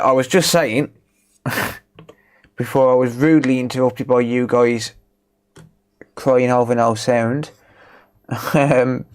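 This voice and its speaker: A chatty man with a Black Country accent talks his way through an electronics repair on a live stream. His voice sits in an ordinary middle pitch, and he banters with his viewers and answers their chat. He speaks on wireless microphones at a workbench. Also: clean tone. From England, West Midlands (Dudley). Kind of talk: casual live-stream commentary while repairing. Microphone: rechargeable wireless microphones.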